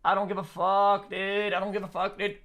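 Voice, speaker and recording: A young man with a high voice reacts on stream. He swears freely, restarts his sentences and repeats himself when worked up. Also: fairly quick. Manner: excitable, swearing, repeating words and stumbling. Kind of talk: profane reaction commentary.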